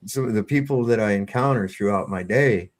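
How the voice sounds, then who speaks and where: Blunt, cussing man in casual chat. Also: on the low side. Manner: blunt, swears freely, drawn-out storytelling.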